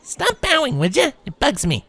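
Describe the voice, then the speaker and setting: A man's voice: very high-pitched, wildly swooping pitch, normal speed, sharp tone, voice pushed up, exaggerated voice. A man voicing a brash, blunt young pegasus mare in a fanfiction reading, with a raised, teasing voice. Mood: breezy.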